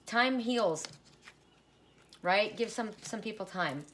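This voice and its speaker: A woman's voice: mid-range voice, expressive, slow, pauses often, fairly bright tone, a little hiss or hum. A middle-aged woman giving a solo oracle card reading, musing aloud and repeating card messages in rambling asides.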